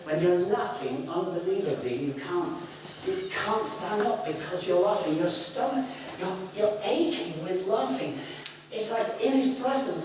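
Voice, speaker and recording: Northern English preacher in an echoey hall. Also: male voice, sits high, moderate pace, a little hiss or hum. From north of England. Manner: animated, playful, whoops and jokes with the congregation. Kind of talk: sermon. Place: church hall. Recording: very echoey hall, picked up from a distance.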